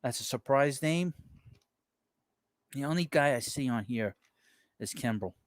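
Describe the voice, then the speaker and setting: A man's voice: medium pitch, lively intonation, unhurried, dry recording. A man hosting a casual live baseball talk show, rambling as he reads viewer messages aloud and reacts to them offhand. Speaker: sports talk show host. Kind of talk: casual live-stream chat about baseball.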